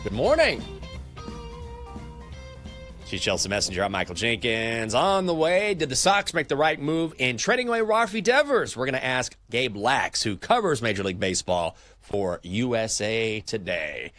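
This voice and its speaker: A man hosting a morning sports betting show, chatting and telling stories in a lively, casual way. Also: mid-range voice, normal speed, soft background music. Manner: chatty storyteller, energetic. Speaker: show host.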